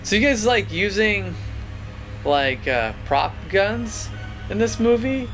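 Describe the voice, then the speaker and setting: A man putting on a high, suspicious park ranger. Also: big pitch swings, a bit bright, soft background music, full character voice. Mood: questioning. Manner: questioning, warning, halting.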